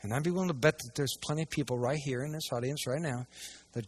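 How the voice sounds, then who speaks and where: A man preaching a sermon to a church audience, swinging between hushed asides and loud, emphatic passages. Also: mid-range voice, a little fast, breathy edge. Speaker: pastor.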